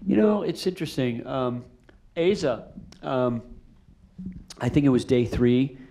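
A middle-aged male director takes questions in a theater after a screening. His voice sits at an ordinary middle pitch. He tells his stories with a rambling, animated energy, full of restarts and fillers. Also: a little slow, creaky. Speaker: film director answering audience questions. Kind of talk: casual storytelling Q&A.

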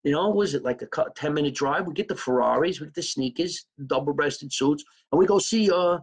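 A man's voice: on the high side, brisk, hardly any pauses, husky, rough recording. A man hosting a comedy podcast, telling a rambling, profane, improvised comic story.

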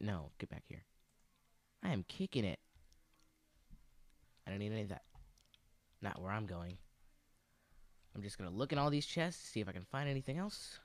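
A man's voice: deep voice, dry recording. A young man rambling through gaming commentary, arguing with himself and slipping into silly voices. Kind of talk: let's play commentary.

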